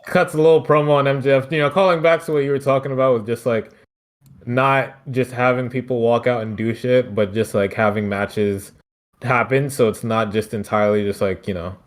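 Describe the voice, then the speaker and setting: A man from Philadelphia hosting a podcast, recapping wrestling in a loose, profane, rambling way. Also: medium pitch. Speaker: podcast host. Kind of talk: casual wrestling recap chat.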